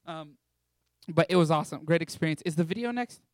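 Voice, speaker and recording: A young man of about eighteen from Texas speaks in a fairly high, fairly quick voice, recorded clean in a studio with no room sound. He gives a casual, rambling testimony about a mission trip, packed with fillers.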